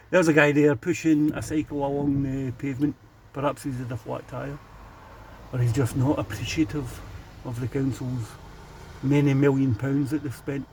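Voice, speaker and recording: Outdoors beside a city road, a Scottish vlogger from Glasgow rants casually and sardonically to camera about the street he's filming. His voice sits on the high side with a darkish tone, and there's a little hiss or hum.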